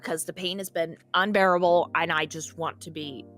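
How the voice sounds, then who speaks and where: A woman's voice: on the low side, steady tone, normal speed, a bit bright. Woman, casual storytelling, profane, candid, faint background music. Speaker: interview guest.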